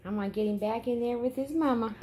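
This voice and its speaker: A woman's voice: on the high side, fast, mellow, husky. A woman filming her farm outdoors, talking casually and calling to a puppy in a coaxing sing-song voice. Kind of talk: casual vlog narration.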